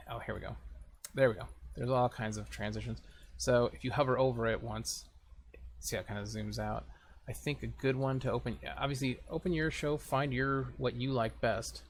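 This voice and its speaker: A man's voice: medium pitch, vocal fry, slight background noise. A man casually talking through a screen-recorded editing tutorial, thinking aloud as he clicks around. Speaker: video tutorial host.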